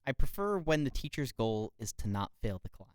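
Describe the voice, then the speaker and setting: A young woman co-hosting a student podcast, telling stories in relaxed casual chat. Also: rumbling low, a little fast, dry recording. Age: young adult. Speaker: podcast co-host.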